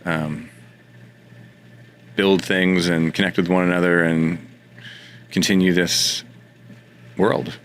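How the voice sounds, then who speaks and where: A man's voice: low voice, flat delivery, takes it slowly, long pauses, slight background noise. A man as an interview guest, talking in a thoughtful, casual way and searching for words. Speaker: interview guest, dog photographer.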